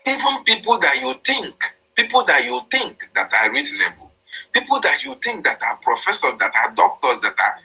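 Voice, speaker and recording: Bright, forceful, and slightly rough, this Nigerian-accented man's fairly high voice swings widely in pitch at a normal speed on a low-quality recording. Speaking on a political online broadcast, he condemns opponents in an impassioned monologue, stressing and repeating his points.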